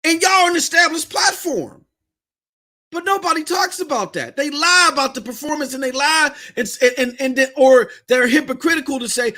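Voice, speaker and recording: A podcast host with a Southern US accent rants in blunt, fiery, slangy commentary. His voice is extremely high, pushed and bright, at a normal speed.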